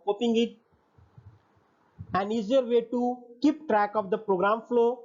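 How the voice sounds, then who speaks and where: A male lecturer reading his slide points and then restating them in a recorded online lesson. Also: sits high. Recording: dull lo-fi audio.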